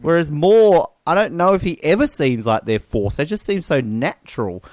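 A man's voice: on the high side, normal speed, dry recording. A man co-hosting a film podcast in casual chat, swearing freely and laughing as he talks. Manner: animated, swears freely and laughs mid-sentence. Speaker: podcast co-host.

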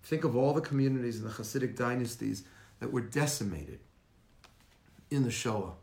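A rabbi gives a Facebook Live lecture in an echoey room, speaking at a moderate pace in a gravelly, slightly mellow voice of medium pitch. He tells stories, asks rhetorical questions and welcomes viewers by name.

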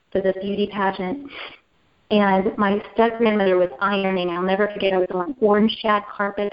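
A woman in her forties from Kansas, an interview guest telling her life story in an earnest, emotional way, often halting and repeating words. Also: medium pitch. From Kansas, USA. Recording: slightly dull audio.

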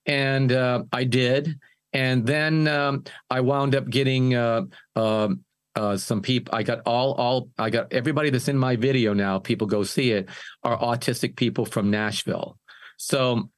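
A man's voice: medium pitch, fairly even intonation, measured pace. An older man, a singer and music producer, telling his story in a casual interview and often restarting his phrases.

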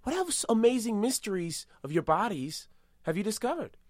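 A boastful, rambling tough-guy movie star, as a man puts him on for an improvised comedy podcast. He delivers absurd claims with a straight face, in a slightly higher voice than most men. The sound is dry and close. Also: normal speed, no room sound. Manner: rambling, self-aggrandizing, deadpan absurd.

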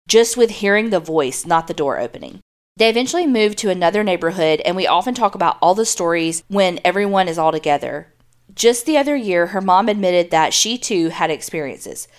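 A woman, co-hosting a podcast, reading a listener's ghost story aloud and then joking bluntly. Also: mid-range voice. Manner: blunt and jokey, swears casually. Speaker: podcast co-host.

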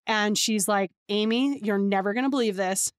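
Woman, 30s, podcast host, casual storyteller, animated quotes, dry booth sound. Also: medium pitch, normal speed, dry recording. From New York area. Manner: chatty, acts out quoted dialogue with lots of "like".

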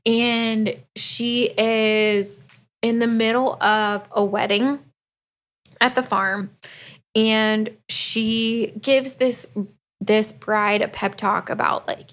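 A woman co-hosting a casual book podcast. She talks at a slow, easy pace. She retells the plot and slips in quick, lively quoted asides. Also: a little high. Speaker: podcast co-host. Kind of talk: casual book review chat.

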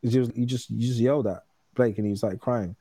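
A man in his thirties talks candidly as a guest and tells stories in an easy, conversational way. His voice is mellow and warm, sits in a middle register, and is recorded dry and close with no room sound. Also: medium pitch, fairly even intonation, slightly rough, dry recording. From United Kingdom. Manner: candid, storytelling, quick restarts. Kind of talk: casual conversation.

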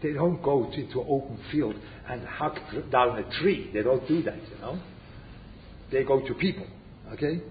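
A man's voice: medium pitch, normal speed. A man giving an informal religious lesson, full of rhetorical questions and Hebrew and Yiddish terms, who keeps checking in with his listeners. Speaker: Torah teacher. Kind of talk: informal lecture on a religious text. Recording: dull lo-fi recording with faint noise.

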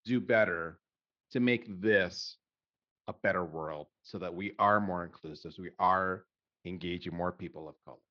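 A man talking as a podcast guest in a casual interview, animated and emphatic, saying he gets fired up. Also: low-pitched, moderate pace, highs cut off.

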